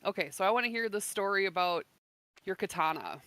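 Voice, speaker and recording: Woman, bright, animated, playful interviewer, giggly. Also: mid-range voice, brisk, dry recording, rough recording. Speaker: game interviewer. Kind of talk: casual improv game chat.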